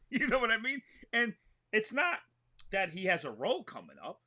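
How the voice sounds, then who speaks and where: A man, an actor talking excitedly in a remote interview, full of "you know what I mean". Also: sits high, normal speed. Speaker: actor and show host, guest. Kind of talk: animated conversational interview.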